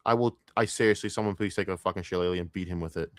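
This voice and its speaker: A male streamer tears into what he's watching, swearing in nearly every sentence. His voice sits on the low side and sounds close and dry, with no room sound. The delivery is scornful, with sudden loud outbursts. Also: racing, dry recording. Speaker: streamer reacting to a documentary. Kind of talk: profane ranting commentary.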